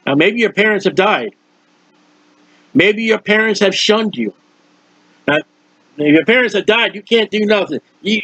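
Folksy older preacher, high voice. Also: male voice, fairly bright tone, no room sound. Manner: earnest, folksy and rambling, acting out prayers and quotes. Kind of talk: sermon. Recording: dull, lo-fi recording.

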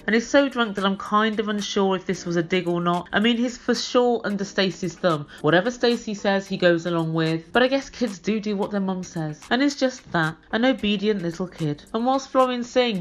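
A woman's voice: medium pitch, animated, moderate pace, few pauses. A woman with a British accent hosting a reality TV recap in blunt, scathing, exasperated solo commentary.

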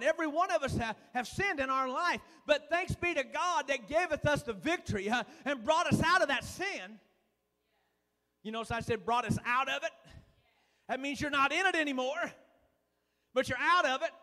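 A man preaching a sermon in a folksy, fervent way, dotting his lines with "uh" and dropping suddenly to a hush. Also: extremely high pitch. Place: church sanctuary. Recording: long reverb of a church hall.

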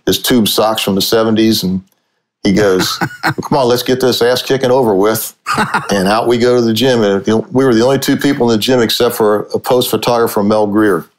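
A man's voice: lowish voice, brisk. A man in his sixties from Cincinnati, a sportswriter guest telling stories in a casual, chuckling way. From Cincinnati, USA. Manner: chuckling, animated storyteller. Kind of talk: casual anecdotal storytelling.

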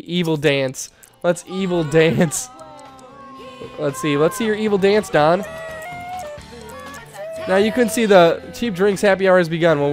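A young man giving playful, excitable commentary while playing a life-sim game, laughing often. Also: high-pitched. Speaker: gaming YouTuber. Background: faint game music.

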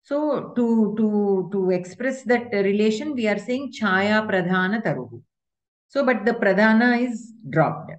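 A woman's voice: medium pitch, animated, unhurried, dull audio. A woman teaching Sanskrit grammar in an online class, explaining patiently step by step with examples.

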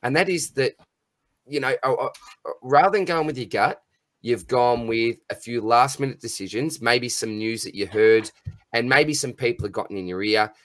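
A man's voice: medium pitch, normal speed, fairly bright tone, no room sound. A man hosting a casual podcast chat, jokey and laddish, calling everyone mate. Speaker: podcast host.

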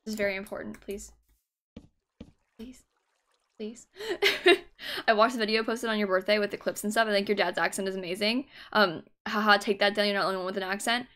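A woman's voice: mid-range voice, steady tone, quick pace, fairly bright tone, clean tone. Giggly young woman streamer reading chat. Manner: giggly, teasing, reads out chat messages. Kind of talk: casual live stream chat. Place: home room, in the UK.

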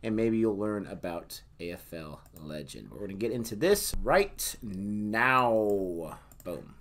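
A man's voice: on the low side, takes it slowly. Playful man hosting a reaction video. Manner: playful, joking, animated. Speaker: co-host of a reaction channel. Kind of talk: casual reaction chat.

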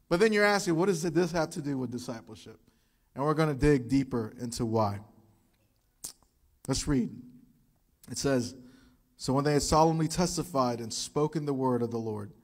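A man preaching a sermon as pastor, telling stories in an animated way and acting out the quotes. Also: fairly high pitch. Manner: animated storytelling with acted quotes. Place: church.

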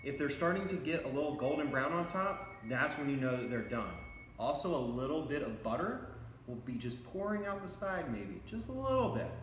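A man's voice: a little high, lively intonation, moderate pace, roomy sound, a little hiss or hum, low-quality recording. A man teaching a live online cooking class for kids, upbeat and encouraging as he talks straight to the children.

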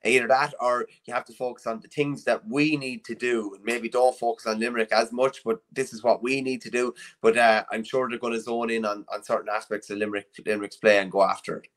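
Irish guy on a sports podcast, rambles and restarts a lot, mid pitch voice. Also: fairly even intonation, fairly quick, few pauses, a bit bright. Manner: rambling, with many restarts and fillers. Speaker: co-host. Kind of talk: casual sports analysis chat.

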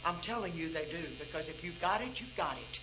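An older woman preaching at a church revival meeting. She calls out questions to the congregation and swings between loud exhortation and hushed intensity. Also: fairly low pitch, expressive, brisk, music in the background, rough recording. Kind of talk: fervent preaching.

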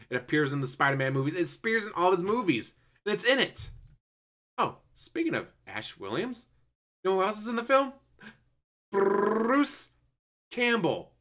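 A man recapping and reviewing a movie in a casual, animated way, swearing now and then and acting out bits of scenes. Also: medium pitch. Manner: animated, acts out scenes in quick mock voices.

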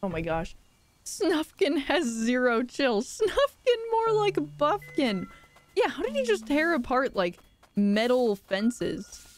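A young woman live-streaming a game playthrough, playful and giggly, reacting out loud. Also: on the high side, big pitch swings, slow pace.

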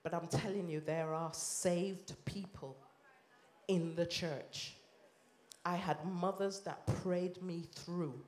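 A woman minister from Leeds with a Yorkshire accent, giving an impassioned sermon testimony that swings between loud and hushed. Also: lowish voice, steady tone, slow, slight background noise. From Leeds, England. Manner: impassioned, rises and drops sharply in volume. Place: church or conference hall. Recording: echoey hall.

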